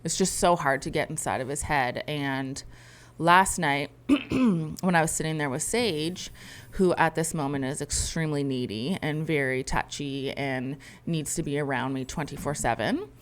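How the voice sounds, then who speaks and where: A woman's voice: low voice, moderate pace. A woman in her thirties co-hosting a podcast, telling a candid and emotional story in a rambling, heartfelt way. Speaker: podcast co-host. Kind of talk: candid conversation.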